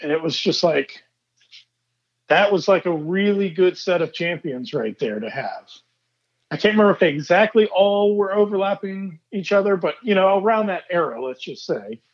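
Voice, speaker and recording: A man's voice: sits high, animated, normal speed. A man co-hosting a casual wrestling podcast, talking in an easygoing, reflective way. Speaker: podcast co-host. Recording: dull lo-fi mic.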